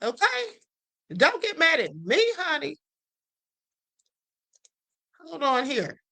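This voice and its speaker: A woman's voice: high voice, sing-song, slow, bright, forceful tone, poor audio. A woman hosting a livestream, chatting in a sassy casual way about gossip and often tagging lines with "okay?" and "honey.". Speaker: livestream host. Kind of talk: casual commentary on celebrity gossip.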